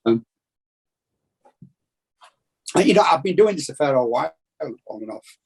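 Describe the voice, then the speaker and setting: A man's voice: on the high side, sing-song, normal speed, gravelly, husky. A man with a Bradford Yorkshire accent, sharing his experience in an earnest, rambling, reflective way on a video call. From England. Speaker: meeting participant. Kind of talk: casual sharing.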